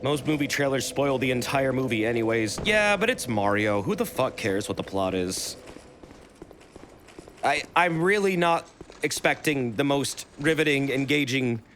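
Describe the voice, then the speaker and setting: A man streaming a video game, chatting casually, swearing freely and yelling at enemies. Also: medium pitch, expressive, normal speed, noisy background. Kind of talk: casual gameplay commentary.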